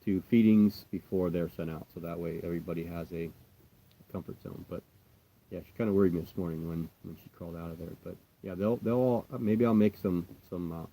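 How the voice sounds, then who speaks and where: A low-pitched American man chats loosely with his livestream audience about his tarantulas. His tone is dark and mellow, and he rambles and reassures. His voice often drops off to a mutter. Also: fairly even intonation, brisk, creaky, a little hiss or hum. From United States. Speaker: tarantula keeper answering live chat. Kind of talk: casual livestream chat.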